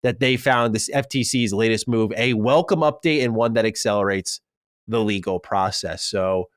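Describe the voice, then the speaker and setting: A man's voice: medium pitch, moderate pace, dry recording, clean studio sound. A man hosting a gaming podcast in casual chat, reading out news items and quotes. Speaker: podcast host.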